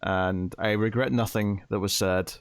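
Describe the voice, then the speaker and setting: A man's voice: on the low side, steady tone, measured pace, no echo. A man co-hosting a podcast, giving comic reviews in a casual chat with dry, teasing humour. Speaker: podcast co-host. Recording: dry close sound.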